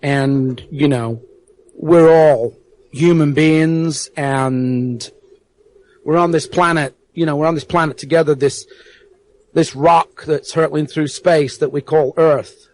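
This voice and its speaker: An English-born man with a Yorkshire accent softened by years in America, a podcast guest talking earnestly with many fillers. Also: a little high, fairly even intonation, slow pace, poor audio. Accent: Yorkshire mixed with American. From England. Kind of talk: casual interview.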